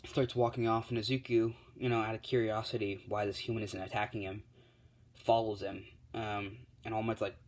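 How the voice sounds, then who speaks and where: A man's voice: on the low side, level tone, moderate pace, low-quality recording. A man telling an improvised fan story in a casual, rambling way with many fillers.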